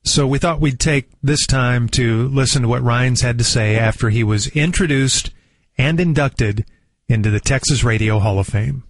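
A man hosting a radio talk show, talking in a relaxed, friendly way. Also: mid-range voice, moderate pace, dry recording. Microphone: studio microphone.

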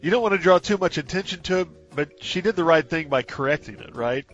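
A male sports radio host with a fairly high voice chats casually and greets callers loudly. The broadcast sounds a bit dull, with faint music underneath. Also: expressive, fast talker. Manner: laughing, upbeat, loud greetings to callers. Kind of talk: casual radio banter and call-taking.

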